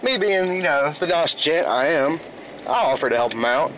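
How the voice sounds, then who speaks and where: A man's voice: a little high, animated, moderate pace, poor audio. A young man from Alabama with a Southern accent, rambling through a profane story while driving. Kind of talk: casual vlog storytelling. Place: inside a moving car. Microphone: phone camera. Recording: phone video with loud car noise. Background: car and road noise.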